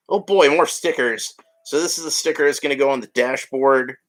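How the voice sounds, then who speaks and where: A man's voice: mid-range voice, fairly bright tone. A man narrating a toy build in a casual, rambling way with joking asides. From United States. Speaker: hobby vlogger.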